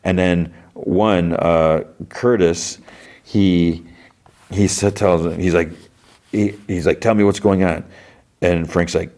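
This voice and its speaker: Man, very low voice, podcast host, casual rambling recap. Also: fairly even intonation, a little mellow. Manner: rambling, filler-heavy retelling with quick quoted lines.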